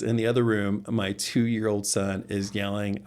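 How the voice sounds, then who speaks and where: A man in his thirties, a father hosting a gaming channel, talking casually through game news with easy laughs and relaxed asides. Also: lowish voice, a little slow, few pauses. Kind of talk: casual commentary vlog.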